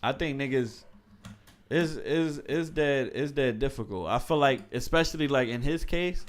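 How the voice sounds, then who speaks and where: A man's voice: medium pitch, normal speed. A man co-hosting a laid-back podcast with friends. He argues insistently, pushing back on the others and pressing his point again and again. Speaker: podcast co-host. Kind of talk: casual debate chat.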